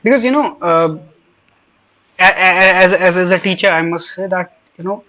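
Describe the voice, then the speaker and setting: A man with a high, light voice asks his questions as a French teacher. He talks casually and keeps stopping on "uh" and "you know" while he gets his thoughts together. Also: normal speed, bright, forceful tone. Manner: hesitant, many fillers and restarts. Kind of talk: casual interview.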